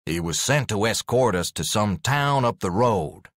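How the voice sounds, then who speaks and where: A man's voice: fairly low pitch, lively intonation, a little slow, dry recording, studio quality. A man voicing a bitter young man who speaks with grudging sarcasm in an audiobook. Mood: sarcastic.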